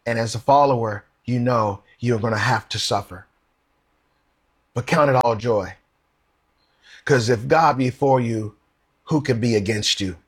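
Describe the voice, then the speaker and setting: A man's voice: mid-range voice, a little slow, long pauses, breathy edge. A man preaching a sermon, earnestly reading scripture aloud and asking rhetorical questions.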